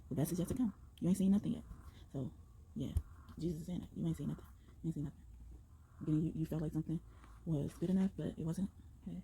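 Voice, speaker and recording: Fast-talking woman reading tarot. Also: sits low, a little hiss or hum, rough recording. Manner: excited, rambling, sprinkled with exclamations and slang. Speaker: tarot reader. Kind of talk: casual channeled tarot reading to viewers.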